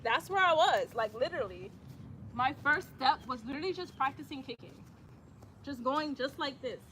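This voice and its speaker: A young woman talks casually to her live-stream viewers between exercises. Her voice sits high and sounds bright. She giggles often and repeats phrases, recorded on a phone camera. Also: animated, normal speed, slight background noise. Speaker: livestreamer reading chat comments.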